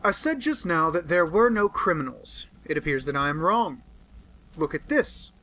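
A man voicing an aloof, brusque male detective in an audiobook, speaking in a crisp, lecturing manner. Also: fairly high pitch, animated, normal speed, sharp tone, low-quality recording. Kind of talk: audiobook character reading.

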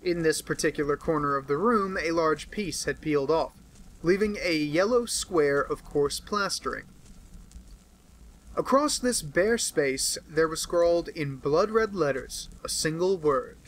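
A man reading a classic detective novel aloud as an audiobook narrator, in measured storytelling. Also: fairly high pitch, lively intonation, poor audio. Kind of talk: scripted narration.

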